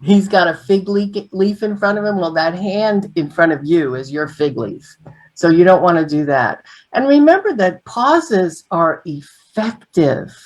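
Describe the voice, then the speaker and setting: A middle-aged woman giving an online training on sales presentations, teaching through lively examples. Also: lowish voice, measured pace, low-quality recording.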